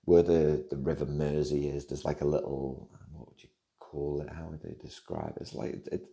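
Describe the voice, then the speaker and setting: A middle-aged Liverpool man hosting a podcast, with a very deep, dark and mellow voice. He answers listener questions in a loose, chatty way. He drifts off topic and breaks off mid-sentence before picking the thread back up. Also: moderate pace, gravelly. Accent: Liverpool English. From England, Liverpool area. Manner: rambling, digressive, self-interrupting. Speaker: podcast host.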